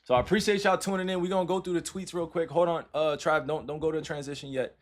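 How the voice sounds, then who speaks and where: A man's voice: a little high, fairly even intonation, quick pace. A man in his thirties casually talking to his livestream chat, loose and repetitive, often tagging his sentences with "right?" and "all right?".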